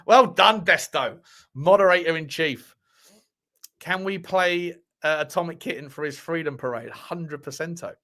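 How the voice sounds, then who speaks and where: A man's voice: a little high, normal speed, fairly bright tone. A man hosting a casual football livestream, chatty and thinking aloud, swearing now and then. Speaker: football channel host.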